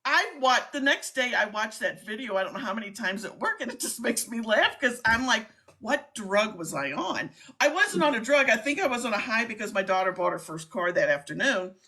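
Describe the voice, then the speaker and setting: Chatty bright-voiced middle-aged woman. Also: on the high side, fairly quick, hardly any pauses. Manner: chatty, excitable, laughs often. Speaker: host, scam baiter. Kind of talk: casual live-stream chat.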